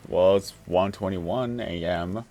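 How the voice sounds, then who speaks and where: A man hosting a casual late-night livestream, talking in a relaxed, rambling way. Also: sits low, slow pace, highs cut off. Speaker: livestream host.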